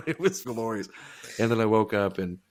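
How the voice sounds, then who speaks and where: A man's voice: on the low side, lively intonation, moderate pace. A middle-aged man co-hosting a podcast, chatting casually and joking with friends. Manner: joking, swears, laughs a lot. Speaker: podcast co-host. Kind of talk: casual chat.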